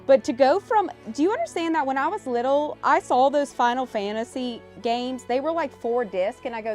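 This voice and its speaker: A woman hosting a casual live stream while opening cards, excitable and emotional, swearing freely. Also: high voice, moderate pace, few pauses, faint music behind. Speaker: livestream host.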